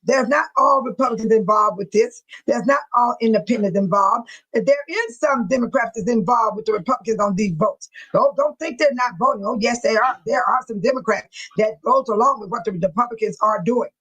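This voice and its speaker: Woman, livestream host, emotional, preachy talk, a touch high. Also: fairly quick, fairly bright tone, husky, rough recording. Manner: emotional, reads viewer comments aloud, preachy. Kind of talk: casual livestream chat.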